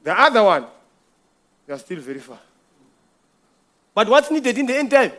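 A middle-aged man preaching a sermon, telling a personal story with repeated words, swinging from loud bursts to hushed asides. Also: extremely high pitch, sing-song, normal speed.

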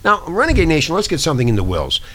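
A man's voice: a little high, wildly swooping pitch, racing, fairly bright tone. A man hosting a talk show from a small studio, ranting in a profane, conspiratorial way. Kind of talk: casual talk show monologue.

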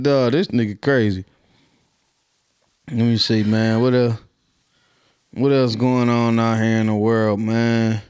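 Here a Minnesota man with a medium-pitched, clear, resonant voice delivers news commentary to his viewers. As a vlogger he sounds loose and slangy, laughing as he goes.

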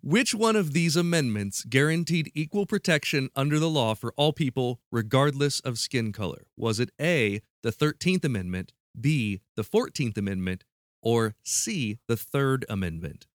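A man hosts a casual podcast quiz, joking about the stakes and laughing easily. His voice sits in a middle pitch, and the recording is dry and close. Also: lively intonation, dry recording. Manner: playful, joking, quick to laugh. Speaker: podcast host running a quiz.

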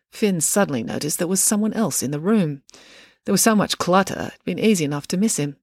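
A woman with a fairly low voice reads a children's chapter book aloud. She reads steadily and clearly. The recording is dry and close to the mic. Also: fairly quick, no room sound. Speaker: storyteller reading a children's book. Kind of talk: storybook read-aloud narration.

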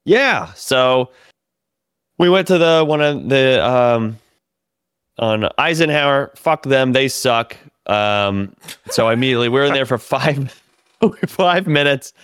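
A man telling profane, animated stories about a comedy tour in casual podcast chat. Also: mid-range voice, slow pace, smooth, no echo, studio quality. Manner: profane, animated storytelling with laughs.

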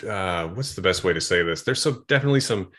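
A man's voice: low voice, animated, fast talker, a bit bright. A man co-hosting a podcast, casually and thoughtfully retelling film scenes with a wry tone. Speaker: podcast co-host.

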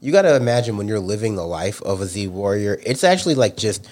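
A man's voice: fairly low pitch, big pitch swings, fast, darkish tone. Rambling man in casual chat. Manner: rambling, heavy use of "like".

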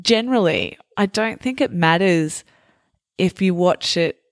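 A woman's voice: lowish voice, expressive, measured pace, no room sound. Curious woman interviewer, dry close sound. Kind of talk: casual interview chat.

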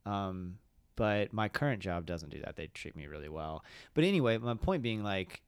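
A man's voice: on the low side, animated, normal speed, smooth, dry recording, clean studio sound. A man hosting a podcast, chatting reflectively in a casual interview, with many restarts. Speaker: podcast host. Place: room at a music festival.

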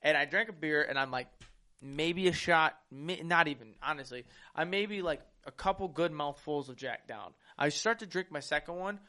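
A man's voice: on the high side, normal speed, sharp tone. A young man hosting a casual podcast, telling a rowdy, profane story and acting out the quotes. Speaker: podcast host. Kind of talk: casual chat.

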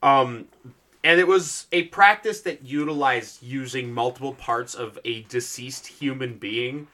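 A man's voice: mid-range voice, a little slow. A man co-hosting a casual podcast, walking through his research with lots of laughter and swearing. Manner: lively, swearing, laughs often. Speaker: podcast co-host presenting the topic. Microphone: podcast microphone.

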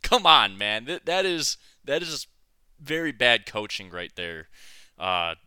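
A man's voice: mid-range voice, sing-song, slow, sharp tone, clear, resonant tone, dry recording. A man co-hosting a casual sports podcast, blunt and a little profane, his sentences full of fillers and restarts. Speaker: podcast co-host.

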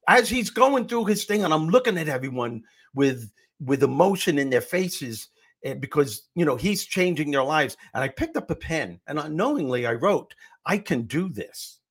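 A middle-aged man, a comedian and motivational speaker, telling animated stories as an interview guest. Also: a little high, moderate pace, husky. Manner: animated storyteller, acts out quotes. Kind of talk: storytelling interview answer.

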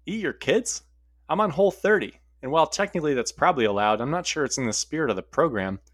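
A man's voice: fairly high pitch, animated, quick pace, a bit bright, no echo, pitched above the performer's own voice. A weary cave monster grumbles about his workload in a put-upon, slightly raised voice, as a man puts him on in a spoken story. The delivery is dry and close, with no room sound. It comes across as tired and annoyed rather than fearsome. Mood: puzzled.

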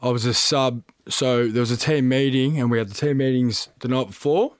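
A man's voice: medium pitch, brisk, no echo, clean studio sound. A young Australian man, a former footballer, chatting as a podcast guest, swearing freely and laughing through a rambling story. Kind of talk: casual podcast chat.

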